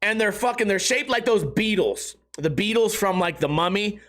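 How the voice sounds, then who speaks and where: Podcast host, male, high-pitched, profane and self-deprecating, loose rambling delivery. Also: moderate pace, a bit bright. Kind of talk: casual podcast monologue.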